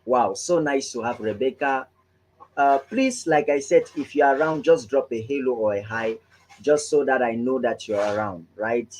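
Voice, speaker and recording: A man's voice: medium pitch, normal speed, darkish tone, rough recording. Upbeat man hosting an online training. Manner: upbeat and chatty, keeps adding "right?". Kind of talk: live online training, greeting viewers.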